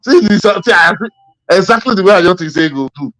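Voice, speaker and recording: A Nigerian-accented man talks politics in a loose, rambling way, one story spilling into the next with plenty of "uh" and "you understand". His voice is bright and forceful and sits a little high for a man. The sound is close and dry. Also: a little fast, no room sound. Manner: rambling, animated storytelling with many fillers. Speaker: podcast co-host. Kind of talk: casual political chat.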